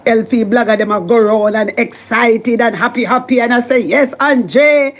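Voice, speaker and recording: High-pitched Jamaican woman ranting. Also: normal speed, highs cut off. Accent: Jamaican Patois. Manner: impassioned, scolding, repetitive. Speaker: political commentary vlogger. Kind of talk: fiery political rant.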